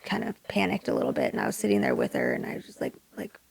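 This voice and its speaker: A young woman from Maui, a singer-songwriter, telling a personal story in an interview, soft-spoken and dropping to a hush for quoted thoughts. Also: extremely low pitch, wildly swooping pitch, fast talker, creaky, breathy edge. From Maui, Hawaii.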